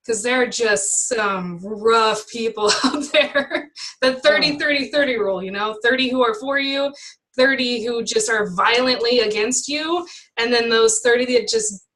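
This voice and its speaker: A woman with a bright, edgy voice that sits a little high tells her stories animatedly. She acts out the back-and-forth of conversations as she goes. She talks like someone motivating her own team. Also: a little slow, low-quality recording. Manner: animated storyteller acting out exchanges. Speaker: team member leading her own group. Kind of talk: casual motivational chat.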